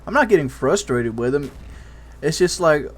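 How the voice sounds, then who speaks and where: Rambling man with a slightly high voice. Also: animated, moderate pace. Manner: rambling, repeats words and restarts; candid parenting storytelling. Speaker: YouTube commentator. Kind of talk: casual commentary monologue.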